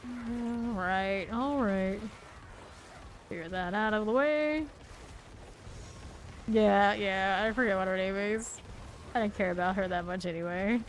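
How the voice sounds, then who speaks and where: A woman's voice: mid-range voice, takes it slowly, pauses often, slight background noise. A woman from Florida with a light Southern accent, chatting casually with her chat while she plays a game on stream. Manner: chatty, laid-back, answers chat while playing.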